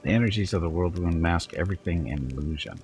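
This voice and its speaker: A man hosting a let's play, reading the game's narration aloud in a steady way with small stumbles. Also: sits low, fast, faint music behind, poor audio.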